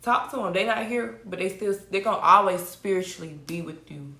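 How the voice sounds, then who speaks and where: A woman's voice: mid-range voice, fairly quick, sharp tone, a little hiss or hum. A woman guest in a casual chat, giving emphatic advice. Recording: roomy echo.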